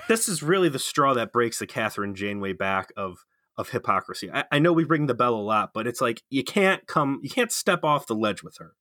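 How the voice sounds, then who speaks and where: A man's voice: medium pitch, sing-song, normal speed, bright, forceful tone, dry recording, studio quality. A man co-hosting a casual podcast, incredulous and profane as he rants. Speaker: podcast co-host. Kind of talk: casual ranting chat.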